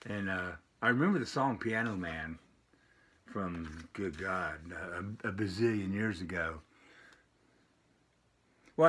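An older man casually showing off a package of vinyl records, rambling with lots of filler pauses. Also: on the low side, fairly bright tone. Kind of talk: casual unboxing vlog. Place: home with dogs barking nearby.

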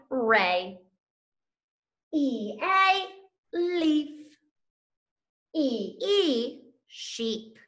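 Lively, slow-paced woman teaching phonics. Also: fairly high pitch. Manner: warm, encouraging, slow and sing-song with drawn-out letter sounds. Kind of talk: phonics lesson to young children.

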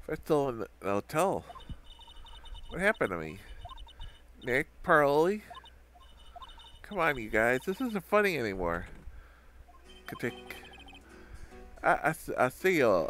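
A man voicing an excitable young woman in a video game, in a squeaky falsetto. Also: a little slow, long pauses, slight background noise. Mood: confused.

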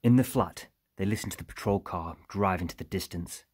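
Male audiobook narrator, deep husky voice, dry close sound, steady telling. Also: brisk, dry recording. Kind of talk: scripted narration.

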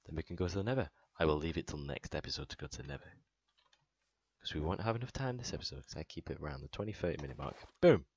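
A man's voice: very deep voice, lively intonation, rapid-fire, husky, lo-fi sound. A man hosting a gaming channel, narrating his own moves in a playful let's play commentary with sound effects.

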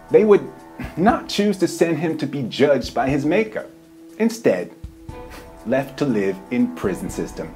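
Sarcastic guy anchoring a comedy news show, big swoopy pitch, ranting and blunt. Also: dark tone. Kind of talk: satirical news commentary.

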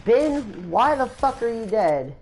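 A woman's voice: a little high, big pitch swings, slow pace, noisy background. Laughing, swearing woman streaming a game. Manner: laughing, swearing, exasperated at friends. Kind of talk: casual gaming stream chat.

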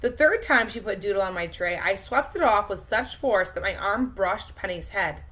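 A woman teacher reads a children's novel aloud to her fifth-grade class with lively expression. Her voice is bright and forward, and she sits at a middle pitch. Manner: lively expressive reading, pausing to talk to a baby and the class. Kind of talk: interactive read-aloud for children.

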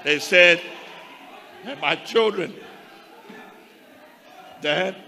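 Fervent, bright-voiced male preacher. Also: sits high, drawn-out words, vocal fry. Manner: fervent preaching, addresses the congregation as saints. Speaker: minister. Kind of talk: testimony sermon. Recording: long hall reverb with faint crowd.

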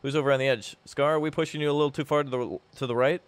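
A man in a mid-range voice leads a laid-back multiplayer gaming chat. He rambles along, cracks jokes and bursts into quick exclamations as he plays with his friends. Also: medium pitch, steady tone, smooth. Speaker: host of a multiplayer game session. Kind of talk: casual gameplay chat with friends.

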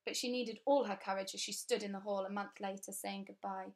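A woman's voice: mid-range voice, steady tone, brisk. Woman reading a children's novel aloud. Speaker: audiobook reader.

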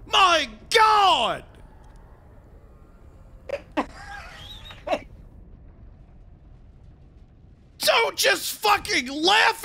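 Man doing a shrill, bright-voiced drill commander, profane, shouting every line in game role-play. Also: gravelly, full character voice. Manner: yelling over comms, cursing, ends calls with "over". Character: bellowing foul-mouthed male squad commander. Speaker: streamer.

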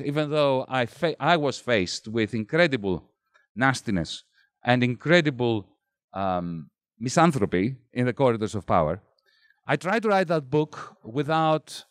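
Animated middle-aged man giving a talk. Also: mid-range voice, no room sound, studio quality. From Greece. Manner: expressive, builds points rhetorically. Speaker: author speaking at a bookstore event. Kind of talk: public talk. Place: bookstore event room.

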